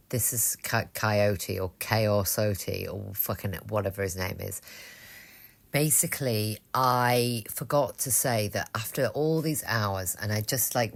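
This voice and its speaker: Woman with a really low voice, podcast co-host, rambly and sweary, casual chat. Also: creaky. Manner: frank, swears often, rambling with restarts.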